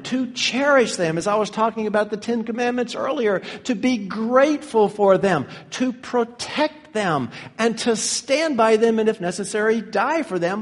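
A man preaching an earnest verse-by-verse sermon, leaning hard on key words as he teaches. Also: sits high. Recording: long reverb of a hall.

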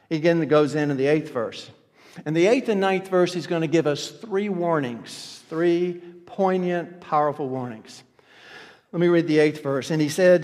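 A man preaching a sermon as a pastor, with emphatic, repeated phrases that swing between loud and soft. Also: fairly high pitch, expressive, measured pace. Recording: long reverb of a large hall.

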